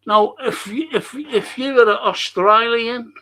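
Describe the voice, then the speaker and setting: A man's voice: very high-pitched, slow pace, gravelly, hardly any pauses, sharp tone. A man hosting a rambling solo monologue, blunt, swearing and often restarting his sentences. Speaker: host.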